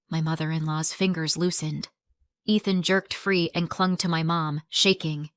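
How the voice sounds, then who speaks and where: A woman narrating a story in a calm, measured storytelling voice. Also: low-pitched, clean tone, no echo, studio quality.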